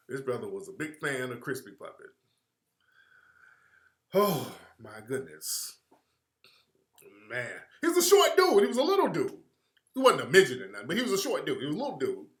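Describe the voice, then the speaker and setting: A man hosting a casual talk show, telling a story in an animated way with frequent laughter. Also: mid-range voice, normal speed, pauses often. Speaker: radio show host. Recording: roomy echo.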